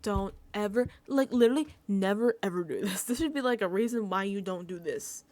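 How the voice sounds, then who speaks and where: A young woman talks through a reality show recap in a sassy, gossipy tone. Her pitch swings widely as she acts out what the contestants said. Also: expressive, brisk, a little mellow, dry recording. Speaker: recap vlogger.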